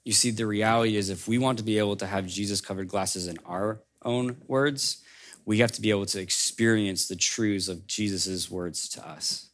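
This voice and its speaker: A man preaching a sermon as a pastor, in a conversational storytelling way that drops soft for emphasis. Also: on the low side, steady tone, moderate pace.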